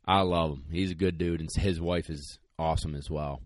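A man with a very low voice hosts a relaxed conversation. He tells stories with easy laughter, recorded dry and close to the mic. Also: normal speed, no echo. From northern United States. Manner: storytelling, laughs as he talks. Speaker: podcast host. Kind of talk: casual chat.

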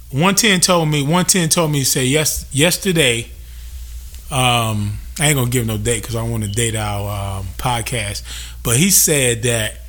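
A man's voice: mid-range voice, a bit bright. A young man hosting a podcast, venting casually with loose, profane talk and lots of repetition for emphasis. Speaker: podcast host.

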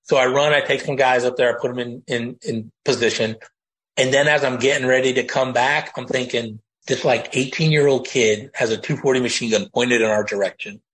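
A man's voice: medium pitch, fairly even intonation, fairly quick, fairly bright tone, poor audio. A middle-aged retired army master sergeant from the United States, telling his story in a blunt, casual way full of slang and fillers. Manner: blunt, slangy, full of "you know" and "bro".

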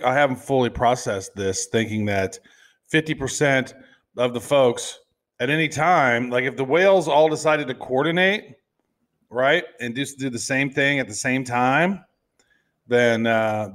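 A man's voice: medium pitch, fairly bright tone. A man co-hosting a crypto show, chatting casually in a rambling, playful way. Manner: rambling, full of fillers and restarts, playful. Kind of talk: casual chat.

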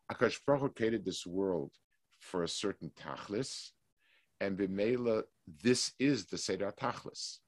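Low-voiced man teaching a Torah class. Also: husky, dry recording. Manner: explains slowly with restarts, reads Hebrew text quickly. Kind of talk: weekly Torah class lecture.

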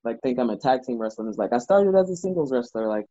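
A man's voice: mid-range voice, fast talker, no room sound, highs cut off. A man, a wrestler guest, telling stories in a casual interview with lots of filler words. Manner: animated storyteller, lots of "like" fillers.

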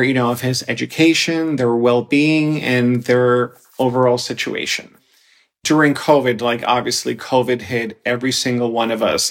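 Candid man in his forties telling a story. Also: medium pitch. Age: 40s. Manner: candid, expressive, animated when quoting himself. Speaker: guest storyteller. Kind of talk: personal storytelling.

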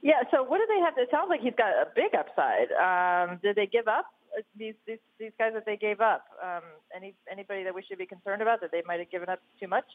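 Fast-talking woman podcast host. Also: mid-range voice, animated, phone-quality sound. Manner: sarcastic, joking. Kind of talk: sports podcast interview.

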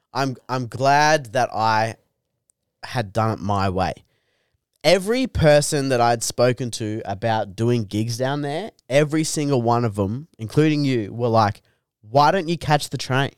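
A man's voice: medium pitch, animated, unhurried, clean tone, dry recording, studio quality. A young Australian man co-hosting a podcast in laid-back, crude chat, swearing a lot and calling his co-host dude.

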